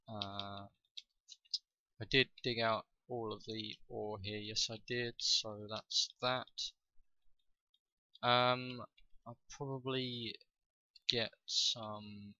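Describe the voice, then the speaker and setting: A man talks through a strategy game as he plays, thinking aloud and pausing often on fillers. His voice sits a little low and has a bright, sharp edge, and he speaks slowly. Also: creaky, poor audio. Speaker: gaming video host. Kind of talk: casual gameplay commentary.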